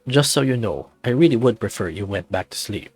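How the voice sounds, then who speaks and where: A man's voice: lowish voice, lively intonation, a little fast, a little mellow, husky, no room sound, soft background music. A man voicing a big, irritable gray male werewolf who grumbles sarcastically. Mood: sarcastic.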